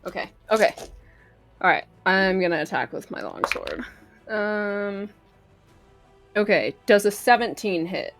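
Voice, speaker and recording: A woman player in a live tabletop game, excited and talking herself through her turn. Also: mid-range voice, measured pace, long pauses, over music. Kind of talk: casual tabletop chat.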